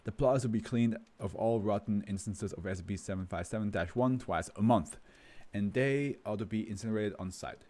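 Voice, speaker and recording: Speaking briskly in a low, dark voice, a streamer talks in a loose, rambling fashion with lots of fillers and laughs. Afterwards he reads a document aloud to his stream.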